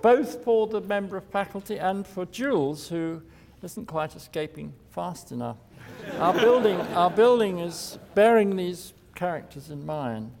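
An older architect giving a loose, wry lecture and chuckling at his own asides. His somewhat high voice has a gravelly edge. It carries a long echo from a lecture hall. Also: darkish tone, a little hiss or hum. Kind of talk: informal public lecture.

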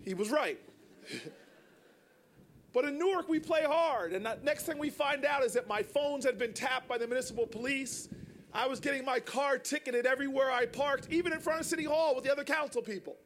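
A man tells a story to an audience in an animated public-speaking style. He raises his voice now and then and stumbles into repeated words. His voice is unusually high, with faint background noise.

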